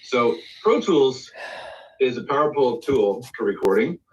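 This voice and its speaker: A measured, medium-pitched male guest narrates a recording-studio story on a live stream, casually acting out each quote with animation. The microphone is distant and the audio sounds dull.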